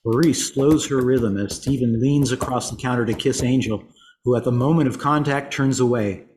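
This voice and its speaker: A man reading a play's stage directions aloud in a plain, even voice. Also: medium pitch, normal speed, a little hiss or hum.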